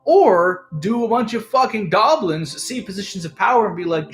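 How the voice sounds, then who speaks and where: A man's voice: high-pitched, lively intonation, normal speed, few pauses. Sarcastic, swearing man in an echoey room. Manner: sarcastic, profane, swings between loud and mumbled. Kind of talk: casual ranting monologue. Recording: echoey room, faint music.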